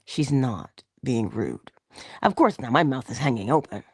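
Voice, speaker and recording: Speaking at a measured pace in an extremely low, expressive, slightly rough voice, a middle-aged woman hosts an inspirational morning talk. She tells a story casually, laughs often, and whispers for emphasis, and the recording is dry with clean studio sound.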